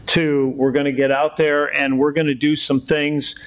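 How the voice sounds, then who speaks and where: Male interviewer, voice a bit high, relaxed chat, dry quips. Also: moderate pace, poor audio. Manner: short backchannel replies and wry quips.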